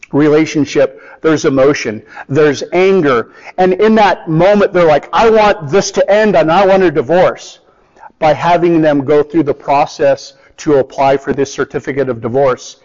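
A man's voice: on the high side, a little mellow. A man preaching a sermon in a conversational way, acting out the people he quotes. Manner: conversational, acts out quoted voices. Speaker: pastor. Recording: dull lo-fi with long hall reverb.

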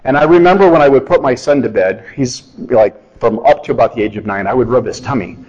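A man's voice: mid-range voice, quick pace, darkish tone. A middle-aged man preaching a sermon in a conversational, storytelling way, acting out the quotes. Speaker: pastor. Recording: dull lo-fi sound.

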